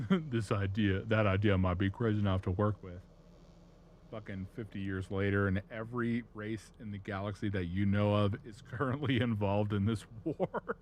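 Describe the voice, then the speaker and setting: A man chatting casually on a live stream, telling a story in a profane, rambling, animated way. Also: fairly low pitch, measured pace, long pauses, slight background noise.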